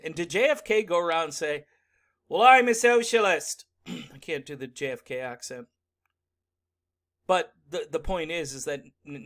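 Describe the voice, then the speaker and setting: High-voiced guy ranting sarcastically about politics in his vlog. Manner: sarcastic, animated. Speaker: political commentator. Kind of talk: opinionated commentary vlog.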